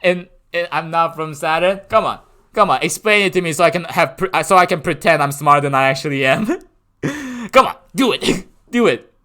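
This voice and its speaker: A man's voice: a little high, expressive, normal speed, sharp tone. A man streaming live, chatting with his viewers in a playful, rambling way and laughing often. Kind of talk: casual live-stream chat.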